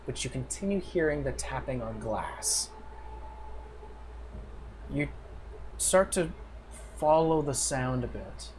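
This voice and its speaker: A man narrates a tabletop game as its game master. His descriptions are loose and full of fillers and restarts. His voice sits in a middle pitch, with faint noise behind it. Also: expressive, slow, pauses often, darkish tone.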